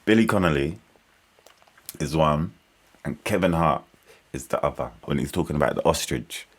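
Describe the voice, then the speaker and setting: A man with an extremely low, deep voice chats casually to camera. He rambles from one aside to the next and swears freely. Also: lively intonation, normal speed, a little hiss or hum. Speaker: reaction video host. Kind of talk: casual chat.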